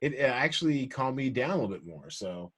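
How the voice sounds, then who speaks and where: A man hosts a movie podcast in a casual, animated way, often laughing and tossing in quick asides. His voice is husky and a little breathy, sitting at an ordinary middle pitch. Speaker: podcast host. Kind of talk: casual chat.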